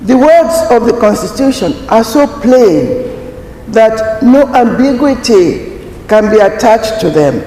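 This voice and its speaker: A man giving a formal prepared speech at a conference, slow and deliberate, stressing key words. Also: high-pitched, very animated, mellow. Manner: slow, deliberate, emphatic delivery. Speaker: conference speaker. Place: large conference hall. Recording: echoey hall, faint ambience.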